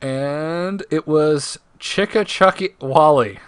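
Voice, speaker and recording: A man's voice: a little high, takes it slowly, smooth, no echo. A man co-hosting a casual live podcast, running a trivia segment and reading quotes with playful emphasis.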